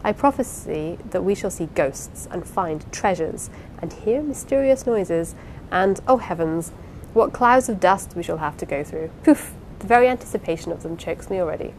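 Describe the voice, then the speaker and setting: A woman reading the part of a lively, affectionate young wife in an audiobook, eager and playful. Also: lowish voice, normal speed, a little hiss or hum, rough recording. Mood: gushing.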